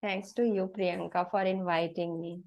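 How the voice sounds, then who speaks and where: A woman's voice: lowish voice, steady tone, normal speed, a little mellow. A woman with an Indian accent, an English trainer patiently explaining grammar and pronunciation, slipping Hindi phrases into her English.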